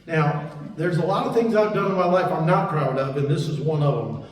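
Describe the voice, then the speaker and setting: A man's voice: fairly high pitch, a little fast. An older man preaching a sermon as a pastor, telling folksy stories from his own life. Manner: folksy storytelling with personal anecdotes. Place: church sanctuary. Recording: echoey hall, mic far off.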